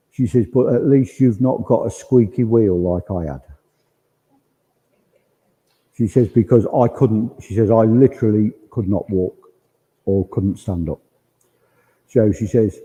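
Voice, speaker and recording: A man's voice: lowish voice, normal speed, mellow, slightly rough, rough recording. A man working as a spiritualist medium, relaying spirit messages to the congregation in quoted speech during a service. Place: village hall.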